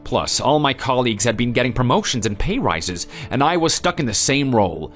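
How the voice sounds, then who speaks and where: A man's voice: mid-range voice, lively intonation, fairly quick, faint music behind, natural voice. A man voicing a defensive, exasperated husband and son.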